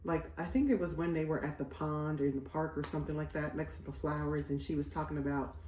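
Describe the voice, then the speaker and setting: A woman's voice: deep voice, fairly even intonation, fast talker, a little mellow, echoey room, slight background noise. A woman in her forties, chatting casually as a vlogger while cooking at home, rambling with lots of fillers. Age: 40s.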